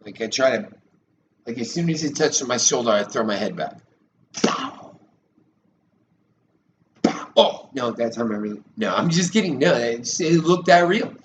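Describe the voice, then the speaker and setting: A man's voice: medium pitch, animated, a little fast. A man in his thirties rambling and swearing on a live stream, sarcastic and loose. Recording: echoey room with loud background noise.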